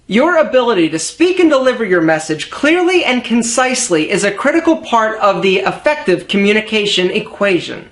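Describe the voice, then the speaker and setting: Playful man giving mocking advice, echoey room. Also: sits high. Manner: playful, mocking, lively delivery. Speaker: presenter of a self-improvement video. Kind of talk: comedic advice talk to camera.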